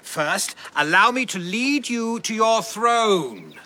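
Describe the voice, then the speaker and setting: An actor playing an obsequious male servant and herald who speaks smoothly, formally and deferentially in a radio drama. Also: sits high, lively intonation, slow, sharp tone, a little hiss or hum, full character voice.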